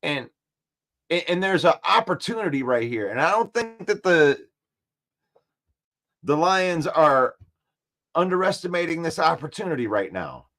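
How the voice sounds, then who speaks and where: A man hosting a daily sports talk show, excitable and trash-talking, repeating himself as he builds his case. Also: on the high side, a little slow, long pauses.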